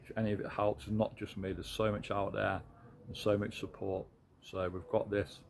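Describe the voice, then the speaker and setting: A man's voice: fairly low pitch, level tone, moderate pace, vocal fry, a little hiss or hum. A British man giving a candid, earnest and encouraging motivational talk to his viewers. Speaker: motivational vlogger.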